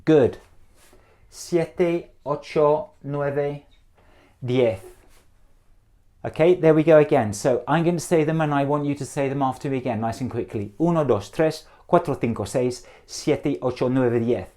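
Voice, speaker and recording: A middle-aged Englishman teaching Spanish runs a numbers drill for students to repeat. He's brisk, encouraging and a little jokey, with a mid-range voice.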